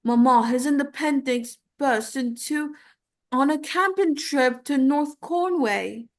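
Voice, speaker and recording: A grieving young woman's ghost pleads softly with her mother, as a woman acts her out. The voice sits high and bright, and the lines come slowly with long, aching pauses. It is a dramatic monologue reading, tender and wistful throughout. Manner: tender, pleading, halting delivery.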